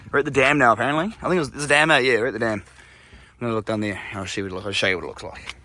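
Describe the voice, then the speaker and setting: An Australian man vlogging casually outdoors on a bush walk, swearing and getting excited, recorded on a handheld camera. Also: medium pitch, fast talker, a little hiss or hum. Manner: sweary, excitable, shouts to test the echo. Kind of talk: casual vlog chat while hiking.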